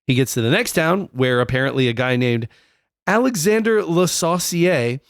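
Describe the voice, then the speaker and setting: A man's voice: on the high side, animated, normal speed, no echo, clean studio sound. A young man co-hosting a comedic history podcast, telling the story in a profane, jokey way. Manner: profane, jokey, puts on silly voices. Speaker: podcast co-host.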